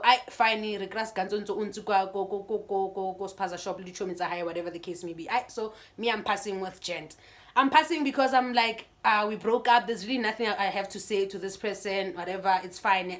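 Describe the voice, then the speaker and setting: A South African woman sits down for a storytime vlog, recounting events in a lively, conversational way. She often restarts her sentences and keeps the tale moving. Her voice sits at a medium pitch. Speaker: YouTuber.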